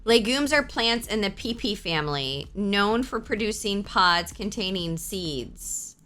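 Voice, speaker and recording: A woman streamer with a medium-pitched voice chats unhurriedly on a live stream. She swears freely and reads her chat aloud, reacting excitably.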